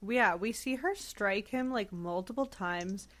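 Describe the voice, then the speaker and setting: A woman's voice: medium pitch, a little slow. A woman guest on a podcast, chatting casually and adding reflective commentary. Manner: reflective, adds commentary and analysis.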